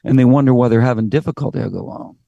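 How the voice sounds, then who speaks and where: A middle-aged Canadian man with a Canadian accent, a singer guest in a casual interview, telling animated stories, acting out quotes and swearing casually. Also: mid-range voice, rapid-fire, gravelly, dry recording, muffled recording.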